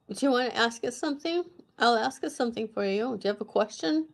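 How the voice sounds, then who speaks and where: A woman's voice: a little high, expressive, fast talker, creaky. A woman hosting a casual video, chatting in a rambling way with many fillers. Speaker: video host. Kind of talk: casual chat.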